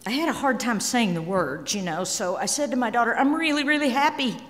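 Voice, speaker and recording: A middle-aged woman giving a candid, emotional personal talk on stage, swinging between quiet and emphatic. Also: medium pitch, lively intonation, a little fast. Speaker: speaker. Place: large hall. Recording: long hall reverb.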